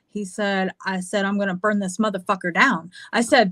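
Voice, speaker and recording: A woman's voice: medium pitch, steady tone, moderate pace, hardly any pauses, fairly bright tone, no room sound. Female guest, American, casual storyteller, frank and profane, dry sound. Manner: candid, swearing, lots of fillers. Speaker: podcast guest.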